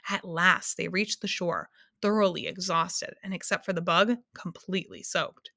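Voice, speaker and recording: A woman reading a children's book aloud in a gentle, measured way. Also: on the low side, fairly even intonation, creaky, no room sound, studio quality. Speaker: storyteller.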